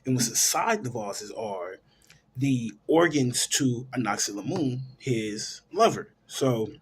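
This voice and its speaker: Man, film show host, husky voice, casual plot recap, rambling with fillers. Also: mid-range voice, lively intonation, slow pace. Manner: rambling storyteller, loose with fillers and restarts.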